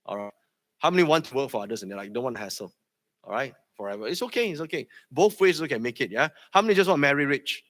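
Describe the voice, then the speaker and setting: A man with a Malaysian English accent giving a lively live seminar talk, quizzing the audience and tagging lines with "okay?". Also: medium pitch, racing. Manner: energetic, quizzes the crowd, tags lines with "okay?". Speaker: seminar speaker.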